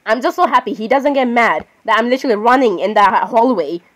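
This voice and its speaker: A woman's voice: on the high side, brisk, a bit bright. A woman giving casual gameplay commentary, chatting on and arguing with herself, often breaking off to apologize. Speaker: gaming channel host.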